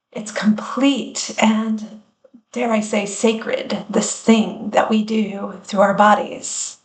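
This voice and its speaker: A woman hosting a wellness podcast, speaking in an earnest, reflective way with measured pauses. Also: medium pitch. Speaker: podcast host and founder. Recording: roomy echo.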